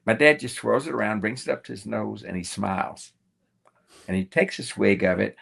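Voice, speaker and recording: An older man's voice, deep-set and heavily gravelly, with a husky, roughened edge. He tells a personal story to his podcast hosts at an unhurried storyteller's pace. He slips into the voices of the people in the tale as he goes. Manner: warm storyteller acting out quoted dialogue. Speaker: guest.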